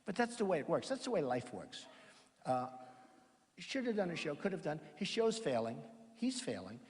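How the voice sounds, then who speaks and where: A political candidate with a fairly high, sing-song, slightly mellow voice speaks at normal speed into a podium microphone at a college event. His campaign rally speech is rambling, boastful and repetitive, and the large hall gives it an echoey reverb.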